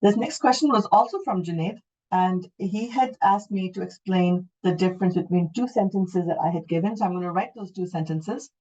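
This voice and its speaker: A woman's voice: fairly low pitch, moderate pace, dark tone, dull audio. A middle-aged woman with a Canadian accent, teaching an online English class, explaining patiently and checking that students follow.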